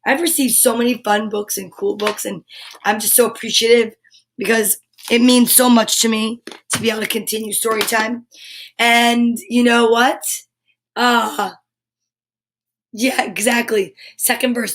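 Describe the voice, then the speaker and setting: A fairly high-pitched woman reads a children's picture book aloud as host of a kids' story time. She breaks off often for cheerful, chatty asides to her young listeners, then goes back to the page. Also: fairly even intonation, measured pace. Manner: enthusiastic, chatty asides between read passages.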